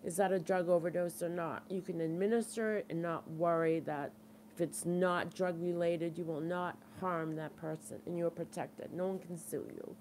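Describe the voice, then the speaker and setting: A woman's voice: on the low side, steady tone, moderate pace, a little mellow, a little hiss or hum. A middle-aged woman with a Boston accent hosting a support group livestream in casual, earnest chat, answering viewers' comments and urging them on. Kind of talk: casual live-stream chat.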